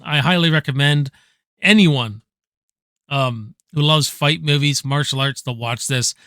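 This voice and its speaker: An excited male movie reviewer rambles casually, swearing freely and punctuating his points with "man." His voice sits a little high and sounds sharp and bright. It is recorded close to the mic in a dry room. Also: dry recording. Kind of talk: casual enthusiastic movie countdown.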